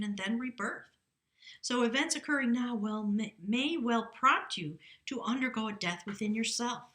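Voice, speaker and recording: With a voice on the high side and a sharp tone, a middle-aged tarot reader talks through a casual reading, chatty and enthusiastic, occasionally reading passages aloud from a book.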